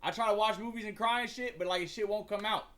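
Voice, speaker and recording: A man's voice: high-pitched, fairly even intonation, quick pace, bright, forceful tone. A young man hosting a livestream, chatting casually in a slangy, profane, rambling way with frequent stumbles. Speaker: livestream host.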